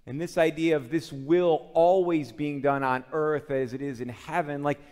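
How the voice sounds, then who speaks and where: A male pastor from the Chicago area delivers a sermon in a church sanctuary, his voice sitting somewhat high for a man. He speaks earnestly and keeps turning his teaching into heartfelt prayers to the Lord, and the room lingers on each phrase with a long reverb. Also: fairly even intonation, moderate pace, darkish tone. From Chicago area, USA. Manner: earnest, steps into quoted prayers addressing the Lord. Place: church sanctuary during a communion service.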